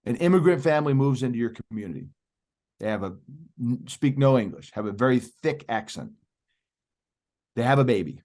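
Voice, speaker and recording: A man's voice: medium pitch, animated, moderate pace, long pauses, a little mellow. Emphatic man explaining with energy. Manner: emphatic, persuasive, addresses host by name. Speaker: podcast guest, youth speaker. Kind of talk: animated interview talk.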